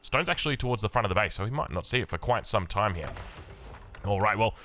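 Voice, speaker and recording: An Australian man commentates a strategy game with upbeat, chatty energy. His voice is bright and forceful, with a slight early-morning roughness. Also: fairly low pitch, lively intonation, fast, slight background noise. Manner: upbeat, chatty, with casual fillers. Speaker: game caster. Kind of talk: esports play-by-play commentary.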